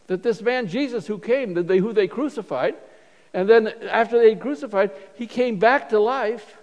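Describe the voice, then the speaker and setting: A man with a high voice preaches a sermon to his congregation, conversational and prone to restarting his sentences. His words ring out with a long reverb from the church hall around him. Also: normal speed, a little mellow. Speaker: pastor. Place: church sanctuary.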